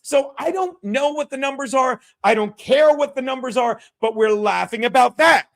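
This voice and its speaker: A man with a very high-pitched voice hosts a casual talk show. He rambles through anecdotes, swears freely and acts out other people's lines. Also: expressive, normal speed, gravelly, fairly bright tone. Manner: profane, ranting, acts out quotes. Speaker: podcast host. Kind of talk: casual storytelling chat.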